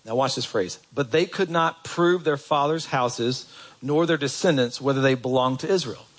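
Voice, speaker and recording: A man's voice: medium pitch, moderate pace, poor audio. A man preaching a sermon in a church, chatty and direct, asking the congregation rhetorical questions and reading scripture aloud. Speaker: pastor.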